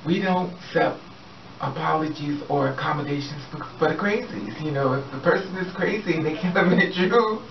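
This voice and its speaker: A sassy, animated man rants about someone straight to camera, his voice a little high. He sounds set back from a muffled mic in a roomy space, with faint ambient noise behind him. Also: moderate pace, vocal fry, distant mic. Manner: sassy, animated, addresses the subject directly. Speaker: vlogger. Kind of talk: casual opinion rant to camera.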